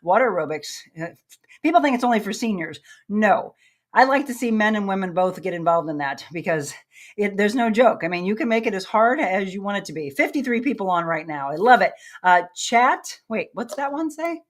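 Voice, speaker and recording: A woman's voice: medium pitch, lively intonation, brisk. A woman hosting a live-streamed workout show, chatting with viewers and coaching exercises in an upbeat, chatty way. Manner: chatty, upbeat, laughs often, counts reps aloud. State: out of breath. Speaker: fitness show host.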